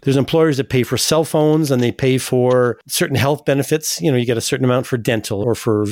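A man's voice: mid-range voice, fairly quick, darkish tone, dry recording, clean studio sound. A man hosting a radio show, chatty and anecdotal, with frequent asides. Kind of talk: casual radio talk.

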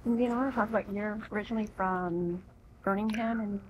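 A woman's voice: mid-range voice, fairly even intonation, fast talker, a little mellow, rough recording. A woman interviewing a guest, asking questions and giving brief encouraging replies. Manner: short encouraging prompts. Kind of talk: casual interview.

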